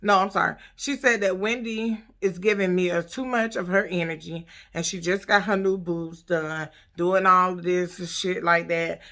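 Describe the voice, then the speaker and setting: A woman's voice: fairly low pitch, gravelly, fairly bright tone. A woman recapping a reality show episode for her channel, with casual profane and sassy storytelling. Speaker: YouTube recap host.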